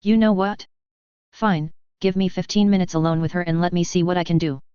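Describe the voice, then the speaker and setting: A woman's voice: fairly low pitch, fairly even intonation, a little fast, warm tone, clear, resonant tone, no echo, lo-fi sound, natural voice. A woman voicing a laid-back, sarcastic male shock trooper with a casual, easygoing manner in a story reading.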